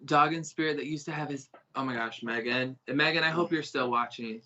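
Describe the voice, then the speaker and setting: Bright-voiced man giving halting psychic readings. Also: mid-range voice, highs cut off. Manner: halting, searching, many restarts. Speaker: psychic medium reader. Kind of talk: live online psychic reading.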